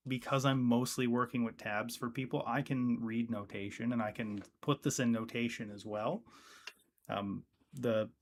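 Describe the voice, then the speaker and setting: A man's voice: mid-range voice, slight background noise. A man teaching guitar on a live stream, casual and rambling, with many ums.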